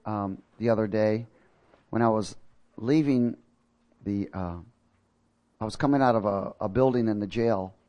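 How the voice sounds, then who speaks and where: A male pastor leading prayer and preaching a sermon to a congregation, telling a personal story with fervent bursts of loud exclamation. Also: on the low side, a little slow, pauses often, muffled recording.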